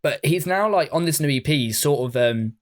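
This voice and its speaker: A man's voice: on the high side, lively intonation, a little fast. A man co-hosting a casual music podcast, chatty and swearing casually as he talks about new releases. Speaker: podcast co-host. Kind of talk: casual chat.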